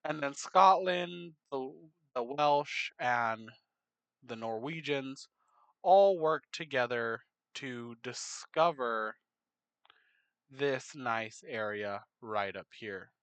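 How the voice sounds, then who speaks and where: A man narrating a map game in casual commentary, unhurried, muttering asides to himself. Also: medium pitch, lively intonation, fairly bright tone, clean tone, no echo.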